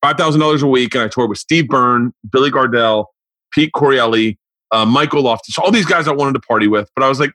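A man in his forties, a comedian hosting a podcast, telling stories in a casual, profane, animated way. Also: medium pitch, fast talker, dry recording. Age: 40s. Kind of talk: casual storytelling chat.

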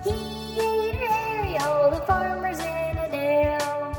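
A man putting on a shrill goofy crooner. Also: slow, exaggerated voice. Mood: bawdy. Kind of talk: comedic song parody. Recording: echoey, reverb-heavy, over loud music.

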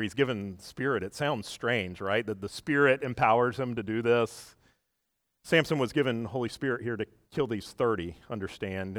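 A man preaching a sermon, telling the story with lively shifts between loud quoted lines and quiet asides, and often asking his listeners questions. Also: fairly low pitch, dry recording, studio quality.

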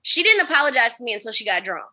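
A woman with a very bright, fairly high voice, spinning a story for her co-hosts. She talks in a lively, profane and dramatic way, with the feel of casual podcast chat. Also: racing. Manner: animated, profane, dramatic retelling. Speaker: podcast host.

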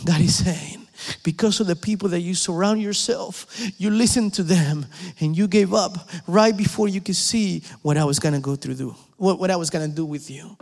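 A man preaching a sermon, emphatic and pleading, dropping at times to hushed whispers. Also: high-pitched, normal speed, creaky, in a large hall.

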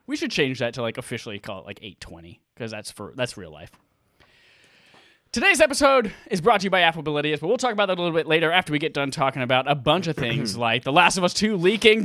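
Lively, bright-voiced man hosting a podcast. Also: a little high, no echo, clean studio sound. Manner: energetic, crude and joking, laughs often. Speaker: podcast host. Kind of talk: casual livestream podcast chat. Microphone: headset mic.

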